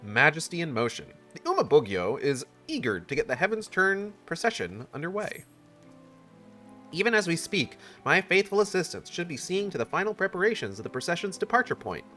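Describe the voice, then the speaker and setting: A man's voice: a little high, sing-song, brisk, pushed and bright, faint music behind, voice pushed up. A man reading game dialogue aloud, voicing a courtly official who speaks in a formal, old-fashioned way. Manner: stately, archaic phrasing.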